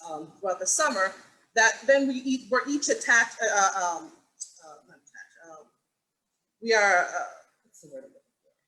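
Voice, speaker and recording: A woman who teaches acting, moderating an online panel and telling stories with lively acted-out quotes. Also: mid-range voice, low-quality recording. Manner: animated storytelling, acts out quotes. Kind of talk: panel discussion on a video call.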